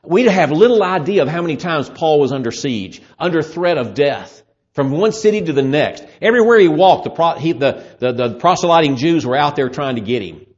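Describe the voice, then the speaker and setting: A man preaching a sermon, explaining scripture in a lively way and acting out the voices of people in the story. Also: a little high, brisk. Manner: lively, acts out voices in Bible scenes. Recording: muffled lo-fi sermon recording.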